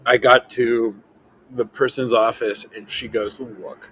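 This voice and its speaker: A man's voice: medium pitch, unhurried, slightly rough, rough recording. Rambling young man telling a story. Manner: rambling, lots of "like" fillers, animated quoting. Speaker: podcast host. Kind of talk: casual storytelling chat.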